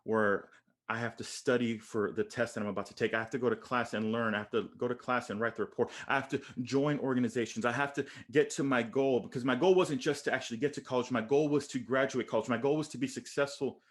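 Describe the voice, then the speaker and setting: A man's voice: medium pitch, steady tone, fast. A man from the Texas border region giving an emphatic motivational keynote to students, repeating phrases and calling listeners by name over a video call. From Texas border region, USA. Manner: emphatic, repetitive storytelling that addresses listeners by name. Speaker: motivational speaker.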